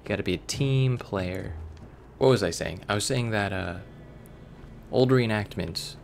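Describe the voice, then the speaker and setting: A man from Florida talks over a video game in a rambling, sarcastic way, drifting into side stories. His voice sits low and has a gravelly fry, with a faint hiss behind it. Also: measured pace. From Florida, USA. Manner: rambling, sarcastic, digressive storytelling. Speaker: let's play commentator. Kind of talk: casual gameplay commentary.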